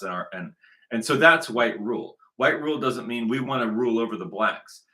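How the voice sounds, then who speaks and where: A man speaks in a bright, forceful voice at a middling pitch. He talks to his channel without a script, stressing his points. He circles back on himself with frequent repeats and restarts. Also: brisk. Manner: emphatic, repetitive, rambling with many restarts. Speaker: channel host. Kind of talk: unscripted monologue.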